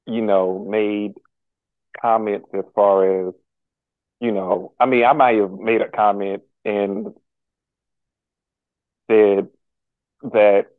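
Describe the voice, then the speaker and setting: Halting man on a tinny line. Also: fairly low pitch, no room sound. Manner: halting and earnest, many pauses and restarts. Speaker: podcast guest. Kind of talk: candid personal conversation. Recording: tinny phone-like line, dry.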